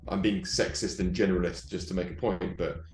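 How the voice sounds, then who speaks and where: A man's voice: deep voice, fairly even intonation, fairly quick, darkish tone, echoey room, soft background music. A man, a founder, chatting candidly and reflectively on a podcast. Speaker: startup founder guest. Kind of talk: casual podcast chat.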